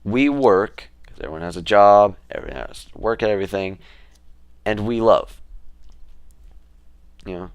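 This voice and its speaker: Deep-voiced rambling young man vlogger. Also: moderate pace, pauses often, smooth, no room sound. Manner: rambling, easily sidetracked. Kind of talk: casual vlog talk.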